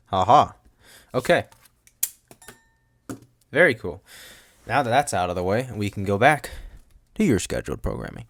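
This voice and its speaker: A man's voice: fairly low pitch, dry recording. A man hosting a solo podcast at a home desk mic, rambling with goofy asides and frequent laughs. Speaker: podcast host. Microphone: studio microphone.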